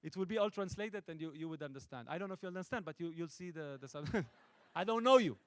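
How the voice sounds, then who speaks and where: A middle-aged Israeli man, a native Hebrew speaker and film director, answering audience questions with playful, deadpan jokes and frequent restarts. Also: on the high side, fast, clean tone. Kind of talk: joking audience Q&A. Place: stage at a film festival event.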